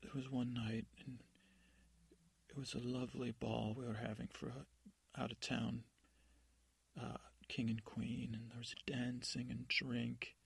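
Brief: man voicing a frightened young princess, sobbing and pleading, husky and dry. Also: medium pitch, level tone, measured pace, dry recording, full character voice. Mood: tearful pleading.

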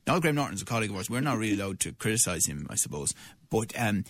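A man's voice: fairly low pitch, sing-song, racing, a bit bright, no room sound. A man with a Cork Irish accent hosting a radio show, chatting in a joking, rambling way. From Ireland. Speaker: radio host. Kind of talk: casual radio chat.

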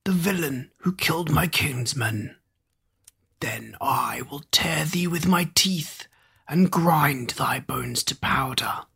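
A storyteller voicing a huge, vengeful male giant in a low, breathy, hushed voice. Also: slow, heavily acted. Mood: furious.

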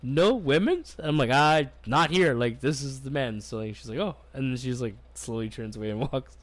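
A man's voice: medium pitch, steady tone, brisk, fairly bright tone, no echo. Man from canada, casual podcast co-host, rambling profane storyteller. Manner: rambling, profane, acts out quoted voices.

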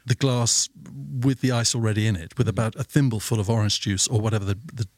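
A man's voice: fairly low pitch, fairly even intonation, fast, a little mellow, dry recording. A man from Britain, a podcast guest, chatting casually and telling anecdotes. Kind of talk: casual chat.

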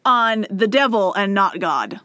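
A woman co-hosting a casual podcast, retelling a history story in an animated way, with lots of "like" and frequent laughter. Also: mid-range voice, measured pace, dry recording, studio quality. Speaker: podcast co-host recounting history. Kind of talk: casual chat.

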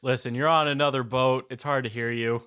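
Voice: mid-range voice, steady tone, fairly quick, fairly bright tone, clean tone. Wisecracking player at a tabletop game. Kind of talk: casual tabletop game chat.

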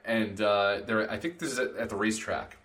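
A man's voice: on the low side, brisk, a bit bright. A man co-hosting a film review podcast in casual chat, thinking aloud with restarts. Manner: hesitant, lots of restarts. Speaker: podcast host.

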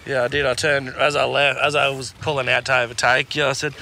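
Brief: easygoing Australian podcast co-host, bright tone, slangy casual chat. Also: male voice, mid-range voice, little pitch movement, brisk, gravelly, a little hiss or hum. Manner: easygoing, agreeable, uses Aussie slang.

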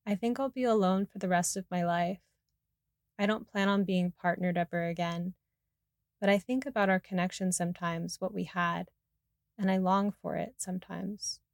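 A woman reading the lines of a remorseful man still recovering from a head injury, in a quietly candid, rueful way. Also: lowish voice, fairly even intonation, normal speed, dry recording, studio quality, lightly acted.

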